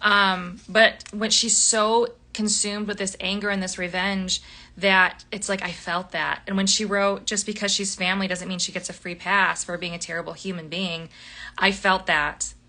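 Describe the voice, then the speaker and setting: A young woman hosting a live book club, chatting animatedly about a novel, laughing often and filling pauses with ums. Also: mid-range voice, little pitch movement, pushed and bright. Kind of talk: casual book chat on a livestream.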